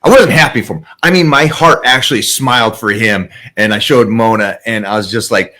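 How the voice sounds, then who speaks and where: A man's voice: lowish voice, brisk, pushed and bright. A man hosting a casual chat, talking in an earnest, heartfelt, rambling way.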